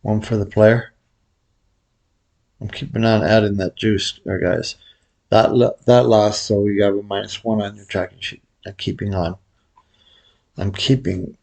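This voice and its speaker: A man with a fairly low voice gives casual play-by-play of his bets, talking in a relaxed way that often drops to a mutter. He talks straight to his viewers as he tracks each hand. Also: a little slow, gravelly, long pauses. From Vegas pro. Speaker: baccarat video host.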